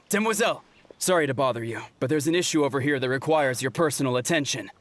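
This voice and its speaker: A man voicing a brisk, courteous staff member. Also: mid-range voice, fairly bright tone, close to an everyday voice. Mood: urgent. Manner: polite, formal. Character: courteous male staff member, formal and hurried. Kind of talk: video game voice acting.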